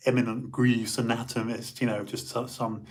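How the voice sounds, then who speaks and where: A man's voice: mid-range voice, level tone, moderate pace. An English man hosting a livestream, chatting casually and rambling with lots of fillers and restarts. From England. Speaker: livestream host. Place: home.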